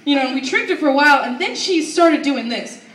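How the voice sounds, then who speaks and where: Young woman doing stand-up, high voice, animated, sounds far off in an echoey room. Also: fairly quick, heavy background noise. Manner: animated, acts out family members. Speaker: stand-up comedian. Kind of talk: stand-up comedy storytelling. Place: open mic at a university venue.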